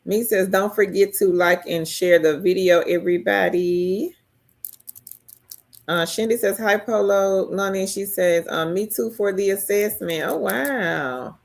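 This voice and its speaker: A woman hosting a casual live stream, reading viewer comments aloud and answering them in a chatty way, her pitch jumping high when she gets excited. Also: a little slow.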